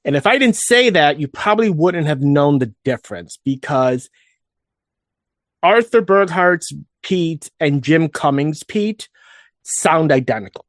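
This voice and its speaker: A man co-hosting a nostalgic fan podcast, talking in a loose, rambling way with many restarts. His voice sits a little high for a man. It is recorded close and dry, with no room sound. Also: expressive, measured pace, no echo. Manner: rambling, with frequent restarts and asides. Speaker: podcast co-host. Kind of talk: casual fan podcast chat.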